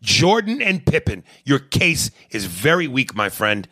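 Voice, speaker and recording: A man's voice: medium pitch, very animated, measured pace, noisy background. Blunt, profane male podcast host. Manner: reads listener messages aloud, profane and blunt. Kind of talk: casual podcast chat.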